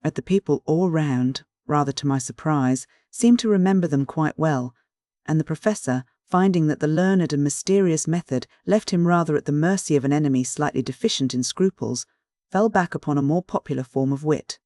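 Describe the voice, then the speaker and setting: A narrator reading a classic novel in a steady, measured audiobook style. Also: mid-range voice, dry recording, clean studio sound.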